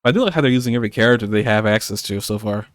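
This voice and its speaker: A man's voice: fairly low pitch, racing, no echo, clean studio sound, soft background music. A man co-hosting a podcast, recapping an anime episode in casual, rambling chat with lots of fillers and jokes. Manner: rambling, joking, many fillers. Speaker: podcast co-host.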